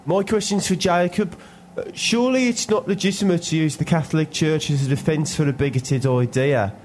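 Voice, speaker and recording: A man's voice: fairly high pitch, brisk, darkish tone, a little hiss or hum, voice pushed up, close to an everyday voice. A man playing an earnest studio audience member asking a question in a comedy sketch.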